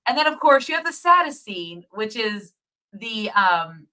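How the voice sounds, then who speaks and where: Bright-voiced woman chatting casually. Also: on the high side, measured pace. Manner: retells the plot in a lively, chatty way with frequent laughs. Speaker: co-host reviewing a movie. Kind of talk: casual chat.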